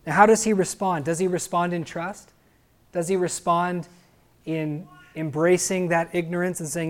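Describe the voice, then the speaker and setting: A man's voice: sits high, fairly even intonation, moderate pace. A male pastor giving an explanatory sermon who keeps asking his listeners rhetorical questions.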